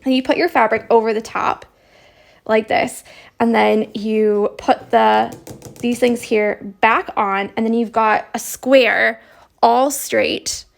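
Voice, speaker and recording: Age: young adult. Gravelly, chatty woman. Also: fairly high pitch, steady tone, takes it slowly. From Canada. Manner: chatty, upbeat, explains step by step. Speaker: embroidery teacher. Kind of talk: casual crafting tutorial.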